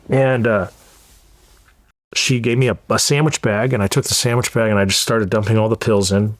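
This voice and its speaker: Low-voiced man telling a candid story. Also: fairly even intonation, normal speed, no echo. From Southern California. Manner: candid, profane, repeats words as he goes. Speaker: interview guest. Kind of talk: storytelling interview.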